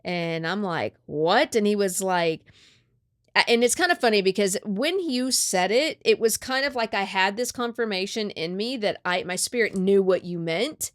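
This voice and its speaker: A woman podcast host in a casual chat, retelling a story with lively acted-out dialogue. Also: mid-range voice, normal speed, no echo, studio quality.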